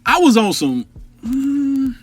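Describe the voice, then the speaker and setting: A man's voice: very high-pitched, sing-song, slow pace. A man hosting a storytelling podcast, telling an anecdote in a profane, conversational way. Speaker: podcast host.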